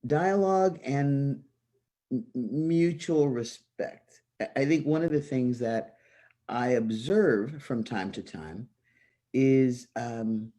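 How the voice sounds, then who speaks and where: Mellow moderator on a video call, frank, thinking out loud. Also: male voice, medium pitch, slow. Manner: reflective, earnest, frank. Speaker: panel moderator. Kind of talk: panel discussion.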